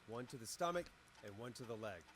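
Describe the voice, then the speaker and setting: Guy playing a late night radio dj, steady on-air voice, middle pitch, hissy game audio. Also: brisk, natural voice. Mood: urgent. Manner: steady broadcast delivery. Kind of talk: video game voice acting. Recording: game audio with clear hiss.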